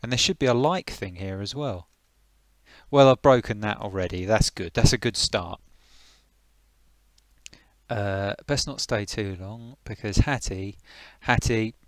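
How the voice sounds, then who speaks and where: A man's voice: fairly low pitch, no room sound. Chatty man hosting a live stream. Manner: chatty, greets viewers, thinks aloud while fiddling with settings. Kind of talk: casual live-stream chat.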